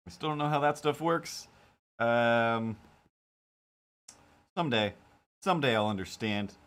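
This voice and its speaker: A male streamer chatting casually to his viewers while he draws. He rambles and pokes fun at himself, with plenty of ums and uhs. His voice sits at an ordinary middle pitch. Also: lively intonation, measured pace, a bit bright, clear, resonant tone. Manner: rambling, self-deprecating, full of fillers. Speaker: live-stream host and cartoonist. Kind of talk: casual live-stream chat.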